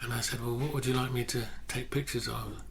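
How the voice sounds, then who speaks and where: An older man, a photographer telling stories in a relaxed interview, often restarting his sentences. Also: mid-range voice, a little fast, slight background noise. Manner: anecdotal, self-correcting, many restarts. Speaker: guest photographer. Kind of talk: casual interview chat.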